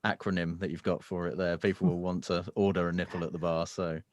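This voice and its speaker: A man's voice: low voice, level tone, quick pace, dry recording. A man co-hosting a podcast, joking in casual chat. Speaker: podcast co-host.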